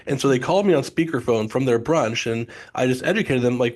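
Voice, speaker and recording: A middle-aged man talks in a loose, rambling storytelling style, full of asides and self-corrections. His voice sits at an ordinary, middle pitch for a man. He sounds like a guest on a relaxed podcast explaining his business. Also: fast, hardly any pauses. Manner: chatty storyteller, many restarts and asides. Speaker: guest, founder of test prep company. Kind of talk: casual podcast interview.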